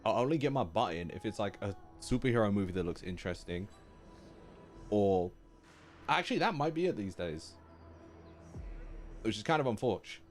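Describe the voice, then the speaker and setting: A man's voice: lowish voice, normal speed, pauses often. A young male streamer reacts live, his voice swinging widely as he gets worked up. He laughs often and repeats whatever amuses him. Music sits faintly in the background. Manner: excitable, laughing often, repeating lines he finds funny.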